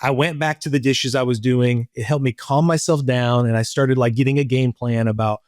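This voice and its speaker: A man's voice: medium pitch, moderate pace, no echo, clean studio sound. A middle-aged man co-hosting a parenting podcast in casual chat, telling stories and acting out quotes. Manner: storytelling, acts out quotes with lively voices. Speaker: podcast co-host and parenting coach.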